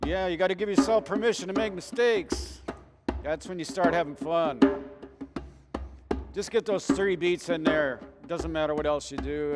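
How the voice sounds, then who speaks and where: A man's voice: on the high side, normal speed, loud music behind the voice. Man teaching hand drumming in reverb. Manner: chanting rhythm phrases while drumming, encouraging. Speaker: drum circle teacher. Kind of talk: hand drum lesson. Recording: reverberant room with loud drumming. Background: hand drum playing.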